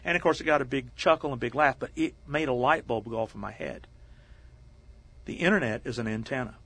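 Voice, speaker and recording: A middle-aged man as an interview guest, telling stories in a lively conversational way and acting out the voices of the people he quotes. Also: mid-range voice, a little fast, breathy edge. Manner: animated, acts out quoted voices. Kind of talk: conversational storytelling.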